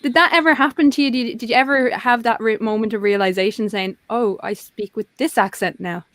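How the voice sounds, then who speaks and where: A woman's voice: a little high, a little fast, a bit bright, no room sound. A woman with a Dublin Irish accent hosting a casual chat, asking curious questions. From Ireland. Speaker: host.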